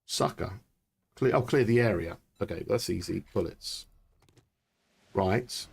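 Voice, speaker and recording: A man, chatting excitably and thinking aloud during live gameplay commentary. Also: fairly low pitch, unhurried, vocal fry, slightly rough. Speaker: streamer.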